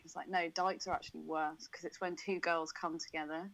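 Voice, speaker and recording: A woman's voice: fairly low pitch, fairly even intonation, a little fast, a bit bright, rough recording. A woman co-hosting a podcast, talking in a crude, casual way with lots of swearing and laughter. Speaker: podcast co-host.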